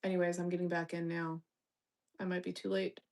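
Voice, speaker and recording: A woman's voice: lowish voice, little pitch movement, a little fast, a little mellow. A woman hosting a casual live stream, reading chat with teasing, bossy remarks and swearing while distracted and muttering to herself. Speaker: livestream host reading chat.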